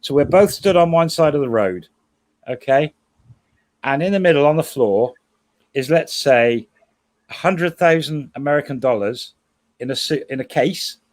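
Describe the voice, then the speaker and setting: A man's voice: fairly high pitch, expressive, moderate pace, pauses often. A middle-aged man, chatting casually on a livestream and rambling through long examples while correcting himself. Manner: rambling, self-correcting storyteller. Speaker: co-host guest.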